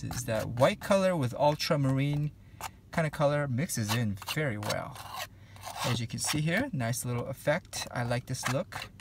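A man's voice: fairly high pitch, background noise. Easygoing man guiding a painting tutorial. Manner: easygoing, many fillers, repeats "there you go". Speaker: painting instructor. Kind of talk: relaxed step-by-step tutorial. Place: home studio.

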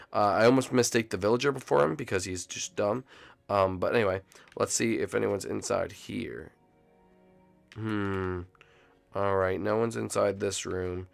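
A man's voice: fairly low pitch, vocal fry. A man hosting a gameplay channel, chatting casually to viewers and yelping at game moments. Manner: excitable, yelps and shouts at game moments; chatty, talks to viewers as "folks".

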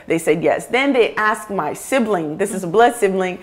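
A woman from Africa, a talk show guest, telling a personal story in an animated way and laughing through painful memories. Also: lowish voice, moderate pace, few pauses.

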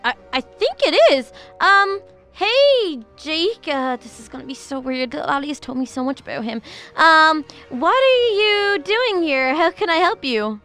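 A woman's voice: high voice, sing-song, moderate pace, sharp tone, faint music behind. A woman hosting a Minecraft roleplay, talking to herself in anxious, rambling bursts full of fillers and restarts. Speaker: channel host playing her own character. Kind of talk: Minecraft roleplay narration and voice acting.

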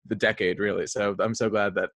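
A man's voice: on the low side, little pitch movement, fairly quick, fairly bright tone. A man hosting an interview, asking questions with enthusiasm and offering brief affirmations. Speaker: podcast host interviewer. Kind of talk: casual interview.

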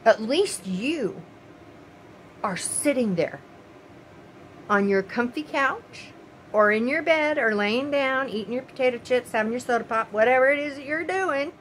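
A woman's voice: high voice, expressive, measured pace, long pauses, slight background noise, poor audio. Impassioned older woman, pleading and repetitive. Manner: impassioned, pleading, repeats phrases. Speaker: vlogger. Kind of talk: emotional opinion monologue to camera.

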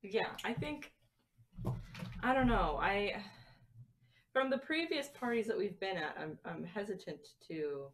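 A woman's voice: mid-range voice, expressive, a little slow, long pauses. A woman playing in a tabletop game who speaks hesitantly and thinks aloud. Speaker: player. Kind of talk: casual tabletop play. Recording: voice away from the mic.

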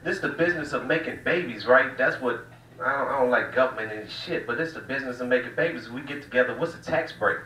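In a small cafe room serving as a comedy venue, a male comic from the Southern United States delivers a stand-up set with bright, loose, drawling and profane storytelling, speaking fast in a mid-range voice. The sound is roomy and distant, with faint hiss.

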